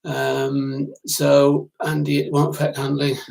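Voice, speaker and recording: A man's voice: on the high side, monotone, slow, vocal fry, darkish tone, low-quality recording. A middle-aged man with a southern English accent, chatting casually on a live stream and answering viewers by name as a motorcycle instructor. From southern England. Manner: chatty, addresses viewers by name, lots of ums.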